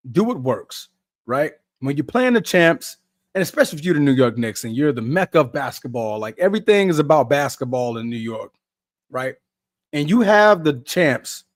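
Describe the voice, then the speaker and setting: Young male podcast host, animated slangy game chatter, slightly high voice, dry close mic. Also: dry recording. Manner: laid-back slangy chatter, laughs often. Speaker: podcast host doing a live watch-along. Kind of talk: casual live game reaction.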